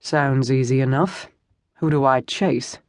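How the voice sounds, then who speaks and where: An audiobook narrator voicing a rough older man, a former lawman turned hired thug, wry and sardonic. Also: mid-range voice, measured pace, dry recording, close to an everyday voice. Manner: sardonic, dry wit.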